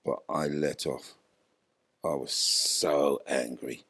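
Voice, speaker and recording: Casting: older man, very low gravelly voice, animated storyteller who plays out the dialogue himself. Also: slow. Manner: animated retelling, acts out quoted dialogue. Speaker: interview guest, former footballer. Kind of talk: storytelling in a podcast interview.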